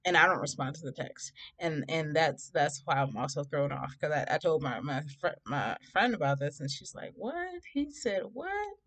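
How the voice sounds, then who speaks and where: Animated woman telling a storytime, from Detroit. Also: deep voice, moderate pace, few pauses. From Detroit, USA. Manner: animated, laughs often, acts out both sides of dialogue in quotes. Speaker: storytime vlogger. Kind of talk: casual storytelling.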